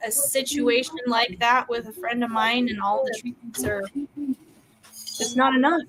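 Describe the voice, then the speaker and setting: A woman's voice: fairly high pitch, steady tone, moderate pace, crowd noise, low-quality recording. A woman hosting a livestream, chatting loosely in a stream-of-consciousness way about health tips. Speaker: host. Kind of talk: casual health talk on a livestream.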